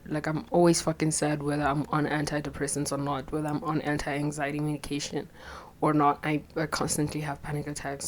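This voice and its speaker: A young woman, talking bluntly and profanely in a rambling confessional vlog, her voice a little shaky with anxiety. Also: low voice. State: anxious, voice shaky. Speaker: vlogger.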